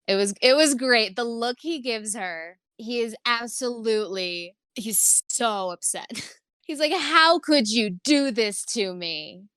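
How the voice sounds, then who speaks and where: A woman co-hosts a podcast, chatting casually and with enthusiasm about a TV episode as she laughs often and rambles with fillers. Her voice is medium-pitched, fairly bright, clear and resonant, with studio-quality audio and no room sound.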